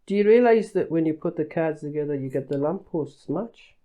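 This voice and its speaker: Cheeky factory boss voiced by a man, put-on accent, phone banter, smug and breezy, mellow tone. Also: on the high side, big pitch swings, normal speed, voice pushed up. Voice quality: put-on regional accent, admitted as terrible. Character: boastful male factory owner chatting on the phone.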